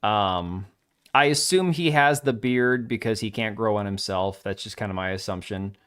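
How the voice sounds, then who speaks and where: A man's voice: on the low side, normal speed, fairly bright tone, clean tone. A man from Washington state hosts a casual gaming livestream. He rambles through opinions and chat messages, blunt and offhand, with the odd swear word. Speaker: livestream host.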